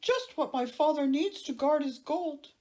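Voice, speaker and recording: A woman voicing a haughty young male prince with a bright, lofty tone. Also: high voice, animated, measured pace, pitched above the performer's own voice.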